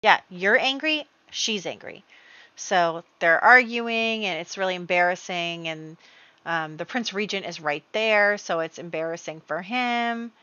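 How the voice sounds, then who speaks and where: A woman's voice: fairly low pitch, a little slow, sharp tone, clear, resonant tone, no echo. A woman giving casual, chatty, rambling commentary over her game play. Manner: chatty, rambling, many fillers. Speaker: gaming video creator. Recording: dull lo-fi dry recording.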